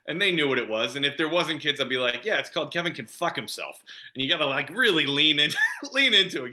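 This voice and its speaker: A man from Chicago talks casually over a video call with a bright, forceful tone. His pitch sits a little on the high side. He laughs easily and leans on "you know" and "like" as he goes. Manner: chatty, laughs often, fillers like "you know". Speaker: actor guest.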